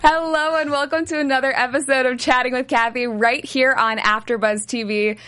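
A woman's voice: high-pitched, fairly even intonation, a little fast, a bit bright, clean tone, dry recording. A woman hosting a casual interview, friendly and laughing often. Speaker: host.

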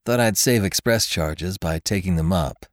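A cool, quiet young safecracker, as a narrator plays him in an audiobook tale. The voice sits deep and low with a calm, clipped delivery. Close, dry sound. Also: male voice, normal speed, no room sound, lightly acted.

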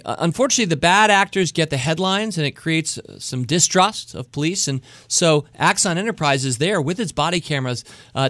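A man's voice: on the high side, a bit bright, dry recording, studio quality. A man from the United States hosting an investing podcast, talking in an enthusiastic, chatty way. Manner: chatty, enthusiastic, jokes about his fake Spanish accent. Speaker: podcast host. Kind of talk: casual investing podcast chat.

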